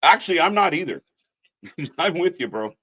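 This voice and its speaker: A man's voice: fairly high pitch, very animated, normal speed, bright, forceful tone, husky. A man co-hosting a live wrestling commentary stream, talking casually and bluntly, swearing and ranting with strong opinions.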